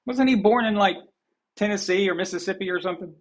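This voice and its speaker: A man's voice: high voice, quick pace. An American man hosting a live show, talking bluntly in a rambling, casual rant that repeats and restarts. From United States. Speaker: host of a sports live show.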